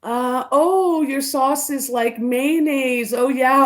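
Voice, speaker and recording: A woman vlogger eating on a livestream and greeting her chat viewers by name between bites, murmuring over the food. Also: high-pitched. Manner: slow, chewing, savoring food with murmurs. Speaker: mukbang vlogger.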